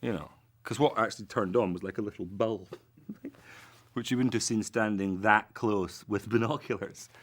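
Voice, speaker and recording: A man's voice: on the low side, normal speed, a bit bright. A man, an actor, telling self-mocking, joking anecdotes in an interview.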